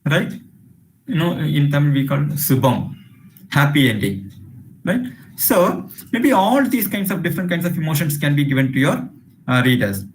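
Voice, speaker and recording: A man's voice: a little high, very animated, normal speed. A man giving an online literature lecture, hesitating often with fillers. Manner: hesitant, many fillers, reads passages aloud. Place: home room on a video call. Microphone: video call.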